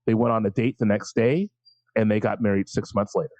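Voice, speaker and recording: A man co-hosting a casual podcast, telling a story in a relaxed, halting way. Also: lowish voice, dry recording, lo-fi sound. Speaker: podcast co-host.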